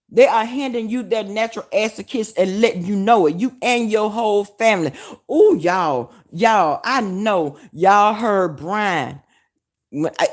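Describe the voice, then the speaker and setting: A woman with a Southern US accent talks straight to her viewers on a casual livestream. She is loud and animated, swears freely and hollers as she speaks. Her voice sits at a middle pitch for a woman. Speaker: vlogger.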